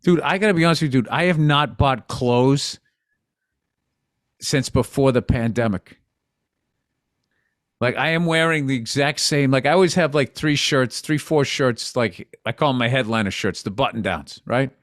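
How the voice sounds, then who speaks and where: A man's voice: medium pitch, moderate pace, fairly bright tone, dry recording, studio quality. A man in his fifties co-hosting a comedy podcast, talking in blunt, profane casual chat with rambling asides. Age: 50s.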